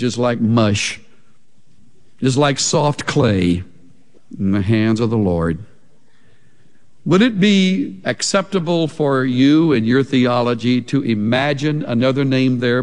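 A man preaching a sermon as a pastor, slow and emphatic, with big swings in pitch and loudness. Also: in a large hall.

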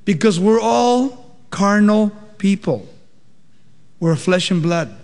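A man's voice: high voice, expressive, takes it slowly, a little mellow, big-room sound. A male pastor preaching a sermon, explaining scripture with rhetorical questions.

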